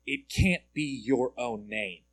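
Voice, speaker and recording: A man's voice: mid-range voice, takes it slowly. A man giving a conversational sermon as a pastor, often asking his listeners direct questions and repeating words as he goes.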